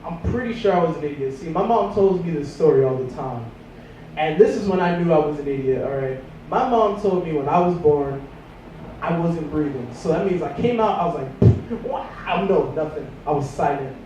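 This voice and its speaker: A young man doing stand-up comedy, rambling through a self-mocking story with a high, animated voice that swings around. He sounds mellow in tone, and he is picked up from a distance in a very echoey room. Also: a little fast, highs cut off, a little hiss or hum.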